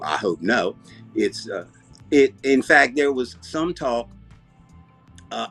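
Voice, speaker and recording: A man with an Alabama Southern accent, hosting a comedy show and rambling deadpan through comic banter. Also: mid-range voice, breathy edge. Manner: rambling, deadpan, self-interrupting.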